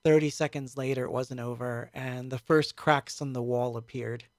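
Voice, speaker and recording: A man telling a story in a casual stream, speaking in a halting, reflective way with many fillers. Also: mid-range voice, fairly even intonation, no echo, studio quality. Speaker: musician recounting a tour.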